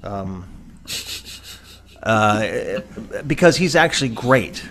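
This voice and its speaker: A man co-hosting a podcast, chatting in an animated, rambling way full of fillers and quick mimicked voices. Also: on the low side, slight background noise. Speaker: podcast co-host. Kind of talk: casual chat.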